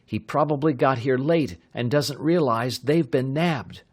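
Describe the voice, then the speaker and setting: A man voicing a bold, quick-witted young pilot, pitched above his narrating voice and louder. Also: slightly rough. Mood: eager. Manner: eager, higher-pitched and louder than the narration.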